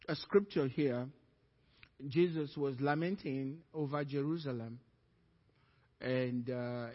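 A male pastor preaching a sermon, swinging from loud fervent peaks to low, quiet storytelling. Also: big-room sound, highs cut off.

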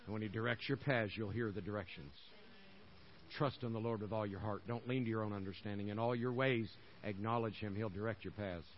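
A man's voice: on the low side, a little fast, dull audio. An older man preaching a sermon as pastor, folksy and conversational, hammering phrases over and over.

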